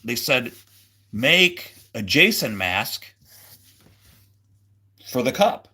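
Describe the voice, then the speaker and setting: A man's voice: mid-range voice, very animated, drawn-out words, sharp tone, breathy edge. A man hosting a casual livestream, rambling with lots of fillers and restarts and a jokey, goofy manner. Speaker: livestream host.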